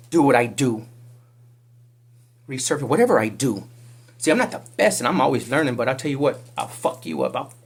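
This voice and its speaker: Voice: mid-range voice, breathy edge. A psychic reader doing a casual spiritual reading vlog, talking in a profane, confrontational and rambling way.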